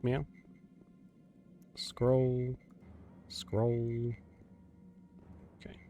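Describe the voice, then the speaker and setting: A man streams a game and chats casually at an unhurried pace in a middle-pitched voice. He laughs often and drops in playful meows. Soft game music plays quietly behind him. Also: completely flat delivery, highs cut off. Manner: chatty, laughs often, says meow repeatedly. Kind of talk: casual live gameplay chat.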